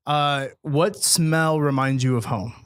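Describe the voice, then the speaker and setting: A man hosting a podcast, asking quick eager questions and agreeing often. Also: on the high side, a bit bright, clear, resonant tone, dry recording, clean studio sound. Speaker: podcast host. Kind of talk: casual interview.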